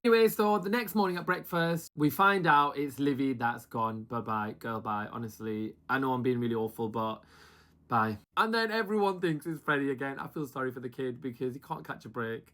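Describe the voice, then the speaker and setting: Gossipy reality TV reviewer. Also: a little fast. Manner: animated, gossipy, mimics contestants in high voices. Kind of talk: casual commentary with mimicked quotes.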